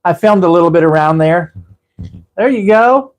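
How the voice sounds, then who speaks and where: A talkative man hosts a live stream in a high, easygoing voice. He rambles from story to story and chats back to viewers, often breaking into laughter. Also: expressive, moderate pace. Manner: rambling, chatty, reading out viewer comments and laughing. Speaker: livestream host. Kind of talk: casual live-stream chat.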